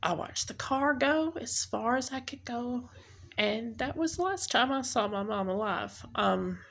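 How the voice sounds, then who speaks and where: A woman giving a personal testimony, speaking haltingly with many pauses and restarts. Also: fairly high pitch, animated, gravelly, a bit bright. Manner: halting, with frequent ums and restarts. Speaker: speaker sharing her testimony. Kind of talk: personal testimony, unscripted storytelling.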